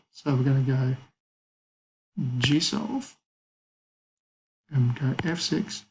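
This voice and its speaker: A man's voice: medium pitch, vocal fry, a little mellow, a little hiss or hum, poor audio. A man teaching a maths lesson, talking casually through calculator steps and thinking aloud. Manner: casual, thinks aloud with fillers and small apologies.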